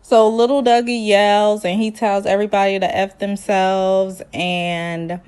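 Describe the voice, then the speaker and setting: A woman giving a casual, slangy recap of a reality show, lively and quick to act out the people she quotes. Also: mid-range voice, clean tone. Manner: animated, slangy, acts out quotes in voices. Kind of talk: casual sassy recap commentary.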